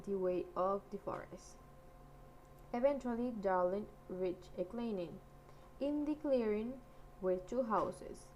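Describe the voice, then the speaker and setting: A woman narrating a fairy tale aloud in an expressive, lilting way. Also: mid-range voice, slight background noise, rough recording. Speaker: storyteller.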